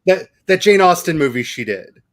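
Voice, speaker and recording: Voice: medium pitch, big pitch swings, normal speed, no echo. A podcast guest in casual chat who laughs while explaining things at length.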